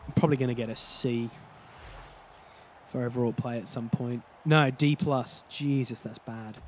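A man's voice: medium pitch, steady tone, normal speed, slight background noise. A man giving casual let's-play commentary over his hockey game, often exasperated and exclaiming at what happens. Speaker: gaming YouTuber.

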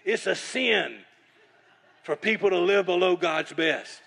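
A blunt, eccentric old prophet barks out his declarations with raised, forceful emphasis, as a preacher puts him on. His tone is emphatic and preachy, and he lands each point with weight. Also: mid-range voice, expressive, fast talker, in a large hall, close to an everyday voice. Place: church conference service.

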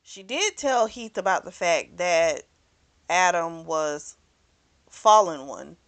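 A woman's voice: on the low side, expressive, takes it slowly. A woman hosting a book club channel, chatting through a novel's plot casually and acting out the characters' lines as she goes. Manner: swears freely.

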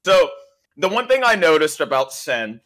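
A man's voice: fairly high pitch, very animated, normal speed, a bit bright. A man co-hosting a podcast, talking casually and animatedly while eating and drinking. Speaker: podcast co-host. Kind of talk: casual chat.

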